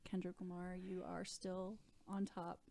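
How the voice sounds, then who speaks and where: A woman's voice: fairly low pitch, little pitch movement, unhurried, vocal fry, mellow. A woman co-hosting a movie review show in casual chat, enthusiastic, with many agreeing fillers.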